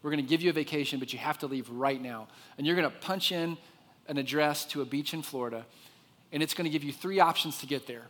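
A man preaching a sermon, telling the story with lively expression and dropping to a hushed voice for the quiet parts. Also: on the high side, fast talker, in a large hall. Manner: expressive storyteller, drops to a soft hush for quiet moments. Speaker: pastor.

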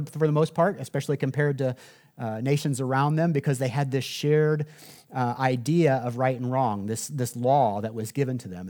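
A man's voice: medium pitch, warm tone. A man preaching a sermon in a conversational way, often checking in with listeners and adding humor. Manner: conversational, asks the audience "right?", jokes. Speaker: pastor.

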